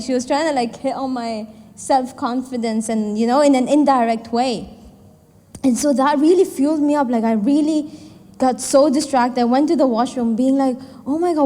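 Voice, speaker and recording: A woman's voice: sits high, warm tone. A woman in her twenties, a startup founder, telling a candid personal story to an audience with many fillers and acted-out quotes. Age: 20s. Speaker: startup founder and event speaker. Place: event hall. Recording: long hall reverb.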